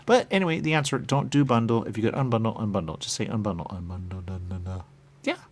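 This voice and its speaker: A man hosting a radio show, talking in a rambling, repetitive monologue with muttered asides and sudden loud bursts. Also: mid-range voice, lively intonation, quick pace. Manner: repetitive, playful, muttering asides, wide swings in loudness. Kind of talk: rambling stream-of-consciousness monologue.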